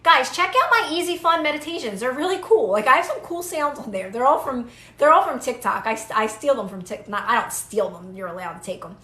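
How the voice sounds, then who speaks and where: Bright-voiced woman coaching on a live stream. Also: high-pitched, lively intonation, brisk, few pauses, reverberant. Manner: earnest, reassuring, repeats phrases for emphasis. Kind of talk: casual live-stream advice, answering viewers.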